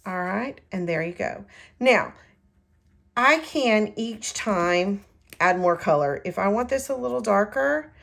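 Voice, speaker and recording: Gravelly-voiced chatty woman crafter. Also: medium pitch, lively intonation, slow, a bit bright. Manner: chatty, rambling, self-correcting. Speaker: card-making demonstrator. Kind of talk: casual craft tutorial. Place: home craft room.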